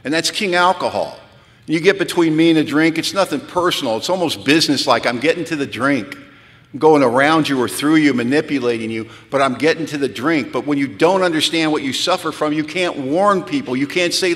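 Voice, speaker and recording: A man from California telling his recovery story at a retreat, candid and wry, sinking low and quiet, then rising to pleading intensity. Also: fairly quick. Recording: long hall reverb.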